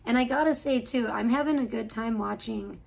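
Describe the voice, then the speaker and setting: A woman streaming live from her home computer room, chatting loosely and cursing without a second thought. Her fairly high voice has a gravelly fry and a soft, mellow tone. She sits back from the mic in an echoey room. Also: fairly quick. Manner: chatty, swears freely. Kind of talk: casual live-stream chat. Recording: echoey room, mic at a distance, faint hiss.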